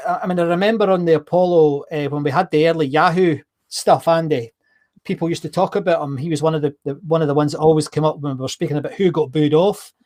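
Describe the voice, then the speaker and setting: A man's voice: a little high, darkish tone. A man hosting a casual chat, hesitant with many restarts. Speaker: host.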